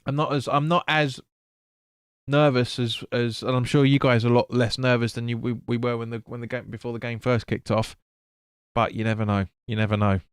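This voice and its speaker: Chatty football fan streaming. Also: male voice, mid-range voice, little pitch movement, a little fast, clean tone, no echo, clean studio sound. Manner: casual, chatty, swears, stumbles over names. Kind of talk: live football watch-along commentary.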